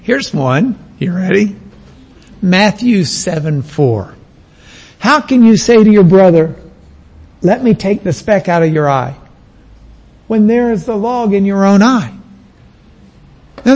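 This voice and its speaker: A man preaching a sermon to a congregation, teaching at an easy pace and bursting into loud shouted exclamations for emphasis. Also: high voice, animated, unhurried, pauses often, low-quality recording. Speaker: pastor.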